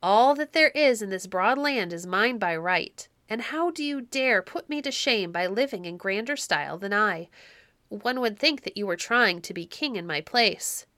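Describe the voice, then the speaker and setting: A woman's voice: mid-range voice, expressive, normal speed, pushed and bright, no echo. A woman reading an audiobook story and voicing a domineering, scornful medieval king with a commanding, mocking manner. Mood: angry.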